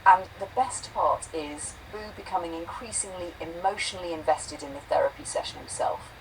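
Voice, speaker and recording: A woman's voice: on the low side, moderate pace, recorded from a distance, slight background noise, low-quality recording. A synthetic-sounding woman brainstorming comedy ideas in a conversational tone and reading quotation marks aloud. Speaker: AI conversation partner.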